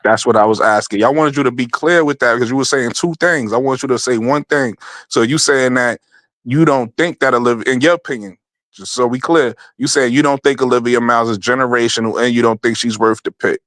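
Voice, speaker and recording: A man arguing sports picks in a casual podcast debate, cutting in again and again and pressing his co-host for a straight answer. His voice sits at an ordinary pitch and sounds dry and close, with no room around it. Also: brisk, a bit bright, no echo. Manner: insistent, interrupting, pressing for a direct answer.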